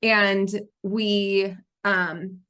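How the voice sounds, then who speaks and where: A woman's voice: medium pitch, extremely slow, clean tone. A woman in her thirties hosting a casual business chat, telling personal stories with frequent laughter. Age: 30s. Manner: lively storyteller, laughs often. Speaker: podcast host.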